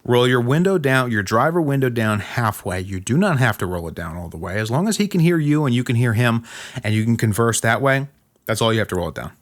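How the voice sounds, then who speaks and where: A man's voice: mid-range voice, expressive, a little fast. A man hosting a podcast, giving blunt, emphatic step-by-step advice in a casual monologue. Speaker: podcast host.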